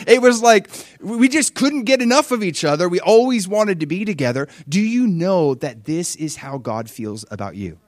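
A young adult man preaching a sermon with animated storytelling, acting out the voices of people in his stories. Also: high-pitched, normal speed, hardly any pauses, dry recording, clean studio sound.

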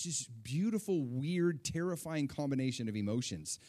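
A man telling a personal faith testimony in a casual storytelling way, moving between hushed quotes and excited outbursts. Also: a little high, normal speed, hardly any pauses. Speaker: speaker sharing a testimony.

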